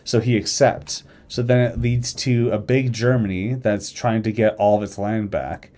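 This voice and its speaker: Casual low-voiced man on a live stream. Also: fairly even intonation, dark tone. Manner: rambling, self-correcting, acts out nations in quick quoted asides. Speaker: streamer discussing a game mod's alternate history.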